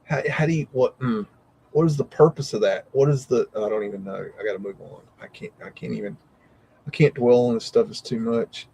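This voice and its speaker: A man's voice: mid-range voice, fairly quick, vocal fry, dark tone, a little hiss or hum, rough recording. Awestruck man reacting live, cursing. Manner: exclamatory, frequent mild swearing, thinking aloud; rambling, easily amazed. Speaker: host of a live stream.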